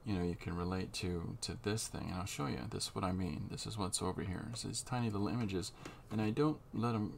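A man talking through a drawing tutorial as he works, unhurried and halting, thinking aloud. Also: low voice, gravelly, slight background noise. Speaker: comic artist drawing on camera.

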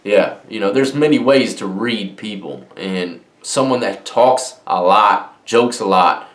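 A man's voice: lowish voice, unhurried, fairly bright tone. A young man telling prison stories in a rambling, slangy, conversational way, full of "man" and "you know". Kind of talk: casual storytelling monologue. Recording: echoey room.

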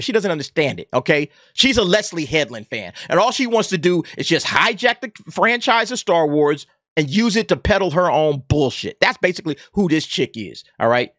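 A man's voice: fairly high pitch, very animated, normal speed, hardly any pauses, a bit bright, dry recording, studio quality. A man hosting a commentary channel, ranting in a sarcastic, emphatic way and tagging his points with "okay?". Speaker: YouTube commentary host. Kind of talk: heated opinion rant.

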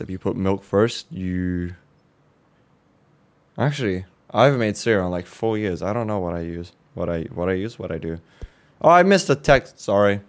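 A man casually commenting while playing a horror game, joking, reacting fast and swearing now and then. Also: low voice. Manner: jokey, swears, quick reactions. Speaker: let's play host.

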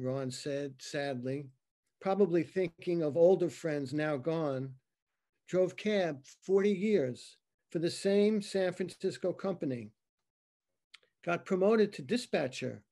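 A man reading his own narrative poem, slow and dramatic, over a video call. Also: fairly high pitch, mellow. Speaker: poet reading his work. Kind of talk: poetry reading.

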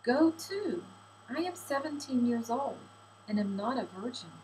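Woman reading as a soft tender slave girl, seventeen, doting and sweet, kinda high. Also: very animated, unhurried, slight background noise, low-quality recording. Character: affectionate seventeen-year-old slave girl.

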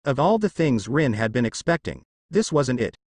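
A narrator with a husky voice reads a fan fiction story aloud at a steady, moderate storytelling pace, his pitch moving in a lively, animated way. The recording is dry and close, with no room echo.

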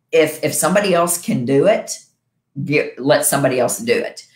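A middle-aged woman hosting a wellness show, coaching her viewers in a casual, upbeat way and often checking in with "right?". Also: rumbling low. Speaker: wellness show host and health provider. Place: her home. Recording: echoey room.

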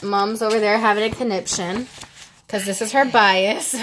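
A young woman vlogging as she unboxes an album, chatting casually and excitably, gasping, giggling and now and then dropping to a hushed whisper. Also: mid-range voice, moderate pace. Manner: excitable, gushing, with gasps, giggles and squeals; drops to hushed whispers at times.

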